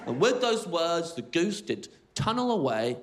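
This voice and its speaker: Stand-up man, high, animated, sardonic rambler, echoey club with a noisy crowd. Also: a little slow. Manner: absurd rambling storytelling, sardonic. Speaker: stand-up comedian. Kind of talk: stand-up comedy. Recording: roomy club sound with loud crowd.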